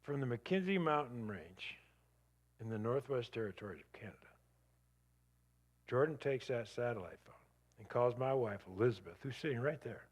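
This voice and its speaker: A man giving a church talk as a guest speaker, telling a dramatic personal story in vivid, animated bursts that drop suddenly to a hush. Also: mid-range voice.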